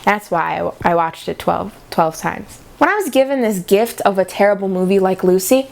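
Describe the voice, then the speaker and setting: A young woman in a casual vlog, ranting about a movie in a sarcastic, dramatic way, her pitch often jumping up for emphasis. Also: moderate pace, vocal fry, few pauses. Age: young adult. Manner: animated, with sudden jumps in pitch. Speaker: vlogger.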